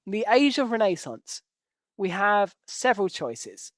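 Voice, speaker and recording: A man's voice: sits high, expressive, normal speed, no room sound, studio quality. A man giving casual, rambling live commentary while playing a strategy game, joking at his own expense and swearing now and then. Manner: rambling, jokey, self-deprecating.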